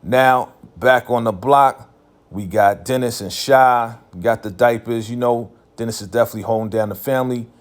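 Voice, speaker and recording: A man's voice: mid-range voice, steady tone, normal speed. A man casually recapping a TV episode in a laid-back, slangy way, full of filler phrases.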